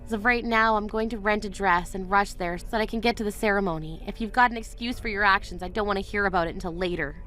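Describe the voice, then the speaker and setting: A woman's voice: medium pitch, quick pace, few pauses, a bit bright, faint music behind, natural voice. A woman voicing a wronged young bride in a texting story, indignant and firm. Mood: cold.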